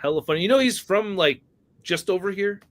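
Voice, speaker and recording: A man's voice: high-pitched, animated, fairly quick. A man hosting a casual action-figure podcast, rambling through stories, laughing often and swearing freely. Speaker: podcast host.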